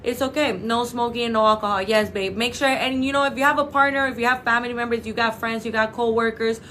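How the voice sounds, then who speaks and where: A young woman hosting a clinic's live stream from its office on a phone, chatting warmly with viewers and calling them babe and girl. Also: a little high, steady tone, fast, a little hiss or hum. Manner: gushing, affectionate, calls viewers babe and girl. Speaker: clinic livestream host.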